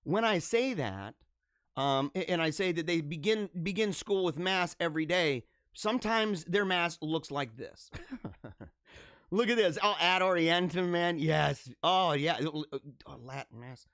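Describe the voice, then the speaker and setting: A man hosting a live show with children at school, chatting in an excitable, rambling way, often laughing and repeating himself. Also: fairly high pitch, a little slow, no room sound, studio quality. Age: adult with school-age children. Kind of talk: casual live-stream chat.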